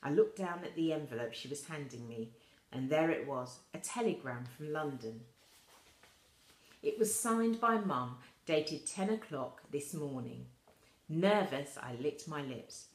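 A woman with a low voice reads a children's story aloud at an unhurried, gentle pace. Her voice rings in an echoey room. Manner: slow, soft reading with quoted voices lifted higher. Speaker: reader of a children's novel. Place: school room.

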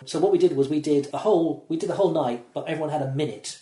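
Fast-talking man telling comedy stories. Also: fairly high pitch, mellow. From England. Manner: rambling storyteller, acts out voices in quotes. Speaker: comedian guest. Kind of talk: casual podcast chat, anecdotes. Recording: roomy echo.

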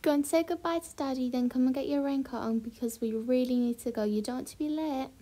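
Woman as a gentle, coaxing mother; higher voice, toy role-play. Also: fast. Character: caring mother hurrying her daughter.

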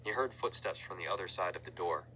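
A man narrating a storybook aloud in a steady storytelling manner. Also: low-pitched, fast talker, slight background noise, low-quality recording. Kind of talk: audiobook reading.

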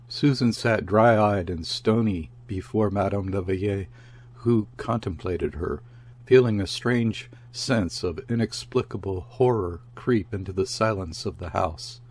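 Slow, low-voiced male narrator. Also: a little mellow, husky. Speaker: audiobook narrator. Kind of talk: scripted literary narration.

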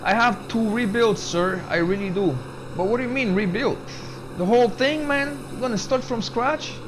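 A man's voice: very high-pitched, normal speed. A young man gaming on a live stream, chatting casually with viewers and dropping "man" and "bro" into every sentence. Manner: laid-back, says "man" and "bro" constantly, reads chat aloud. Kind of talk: casual live-stream chat while playing. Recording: game engine noise behind the voice.

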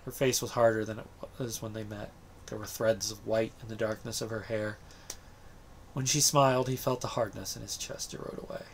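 A man reading a short story aloud in a steady, measured storytelling manner. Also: fairly low pitch, vocal fry, a little hiss or hum. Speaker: story reader.

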